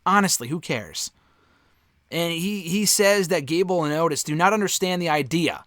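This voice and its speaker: A man's voice: fairly high pitch, normal speed, a bit bright, dry recording, clean studio sound. A man giving a casual spoken review of a wrestling show, candid and offhand, swearing freely.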